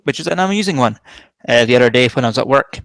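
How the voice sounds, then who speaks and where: A man's voice: mid-range voice, expressive, fairly bright tone, dry recording. Laid-back man hosting a podcast. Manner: laid-back, halting, with fillers. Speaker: podcast host.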